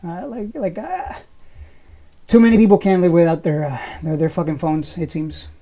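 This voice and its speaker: Her voice sits fairly low and mellow, at an ordinary speed, as this woman in her thirties runs a relaxed live stream. Reading chat, she jokes, swears, teases her audience, and laughs frequently between lines.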